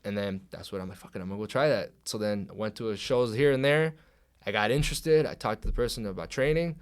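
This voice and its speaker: A man's voice: on the low side, quick pace, clean tone. A young man, a guest on a podcast, telling a story in casual, profane chat and acting out what others said. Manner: profane, animated, acts out quoted dialogue. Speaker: podcast guest, pro wrestler.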